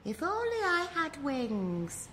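A woman's voice: high-pitched, wildly swooping pitch, slow, a bit bright, a little hiss or hum, voice pushed up, full character voice. A woman voicing a cheerful, dreamy young male slug who talks wide-eyed and wistful. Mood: delighted.

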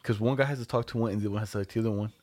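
A young man telling a party story to a friend in casual chat, animated and jumping high in pitch when he quotes people. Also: very fast. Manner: animated storytelling, voices others with big pitch jumps.

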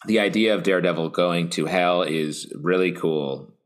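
A man co-hosting a comic book podcast, animated and jokey in casual chat. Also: deep voice, normal speed. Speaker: podcast co-host.

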